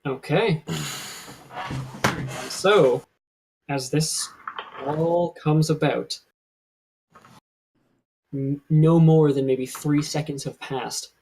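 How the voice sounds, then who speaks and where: A man running a live-streamed tabletop game as game master, who describes the scene slowly and at length. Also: fairly high pitch, background noise.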